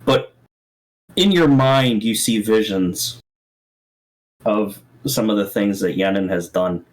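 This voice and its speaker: Man, game master, halting narration, low pitch, slow. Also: rough recording.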